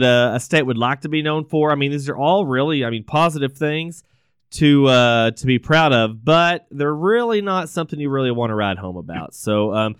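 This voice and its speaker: A man hosts a casual podcast in a smooth, clear voice that sits close and dry. He rambles, restarts sentences and laughs easily. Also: fairly high pitch, a bit bright, dry recording. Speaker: podcast host.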